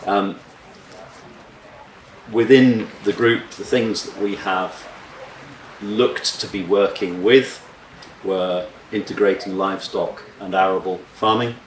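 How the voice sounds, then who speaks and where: Farmer giving a conference talk, very deep voice, measured and deliberate, echoey hall, distant mic. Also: male voice, steady tone, slight background noise. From Scotland. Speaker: farmer speaker. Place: conference room.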